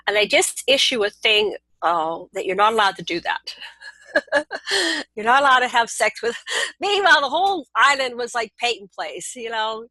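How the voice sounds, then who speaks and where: An older woman telling a long personal story as an interview guest, lively and animated with laughs, restarts and quick asides. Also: a little high, no echo, low-quality recording. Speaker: interview guest recounting experiences.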